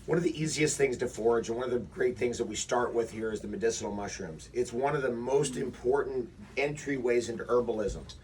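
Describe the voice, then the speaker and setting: A man's voice: medium pitch, a little fast, few pauses, a little mellow, distant mic, a little hiss or hum. A man leading an outdoor workshop, talking animatedly and acting out quotes with rhetorical questions. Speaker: workshop leader. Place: outdoors before a forest walk.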